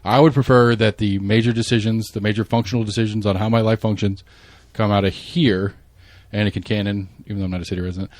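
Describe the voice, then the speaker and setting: A man hosts a podcast and talks fast, stumbling and restarting as he builds his point. His voice is middle in pitch. The sound is close and dry. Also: no echo. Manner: fast, restarts often, cuts in. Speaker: podcast host. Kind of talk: casual political chat.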